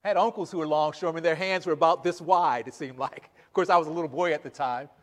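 In a large hall, a man with a slightly high voice preaches to his congregation at a quick pace. He reads scripture aloud and animatedly acts out the quoted lines, chuckling as he goes.

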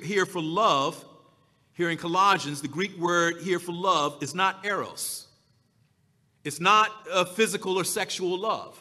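A man preaching a sermon as pastor, slow and emphatic, drawing out his key words. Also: fairly high pitch, sharp tone, in a large hall.

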